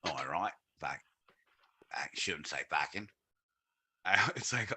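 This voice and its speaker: Brash, bright-voiced podcast host man. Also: deep voice, expressive, slow, slightly rough. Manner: loud, rambling, profane joking. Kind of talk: casual live-stream banter.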